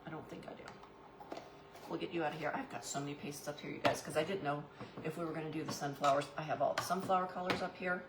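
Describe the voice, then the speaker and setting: Low-voiced chatty woman hosting a craft stream. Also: steady tone, quick pace, roomy sound, noisy background. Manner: chatty and goofy, answers live chat by name; says "y'all" to viewers. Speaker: craft live-stream host. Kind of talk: live painting demo, chatting with viewers.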